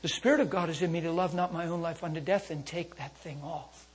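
Very husky male preacher, reverberant hall. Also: on the high side, fairly quick. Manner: intimate hushes rising to fervent calls. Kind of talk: sermon with storytelling. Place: church service with a congregation.

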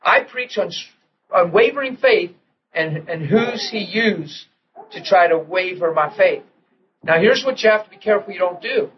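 Male preacher, fairly high voice, storytelling sermon with repeated restarts, dull recording. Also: normal speed, a little hiss or hum. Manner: animated storytelling, repeats and restarts, drops to soft tones for quoted prayers.

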